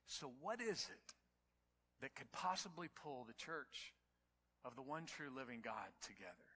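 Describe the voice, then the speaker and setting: A man preaching a sermon to his congregation, telling stories and building to near-shouts at the climaxes. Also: medium pitch, very animated, measured pace, husky, long reverb tail. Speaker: pastor. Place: church sanctuary.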